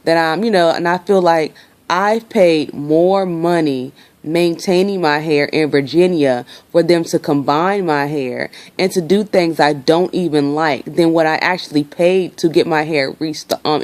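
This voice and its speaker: A woman's voice: low-pitched, darkish tone. A young woman venting her frustration in a casual vlog, talking freely and swearing. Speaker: vlogger.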